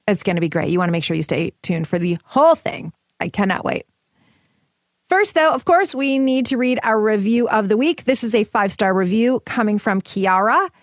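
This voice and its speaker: A woman hosting a solo podcast, bubbly and emphatic as she rallies her listeners. Her pitch sits in an ordinary middle range. The sound is close and dry. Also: lively intonation, normal speed, no room sound. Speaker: podcast host. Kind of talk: upbeat solo podcast talk.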